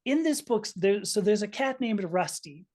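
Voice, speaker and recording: A woman's voice: medium pitch, expressive, moderate pace, a little mellow. A woman in her fifties, a podcast guest, telling a personal story earnestly and with feeling, often restarting her sentences. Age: 50s. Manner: earnest, emotional, frequent restarts.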